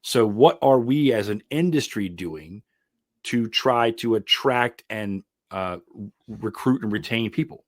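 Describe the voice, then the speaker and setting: A man's voice: lowish voice, animated, measured pace, dry recording, clean studio sound. A man who is an ironworker and mentor, a podcast guest, giving earnest, emphatic advice with frequent fillers. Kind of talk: casual interview chat.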